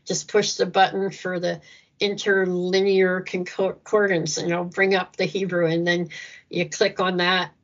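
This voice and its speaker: A woman's voice: on the low side, flat delivery, measured pace, highs cut off. A woman speaking earnestly about faith in an interview, acting out prayers in a lifted voice. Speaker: guest speaker on Christian ministry. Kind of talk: conversational interview.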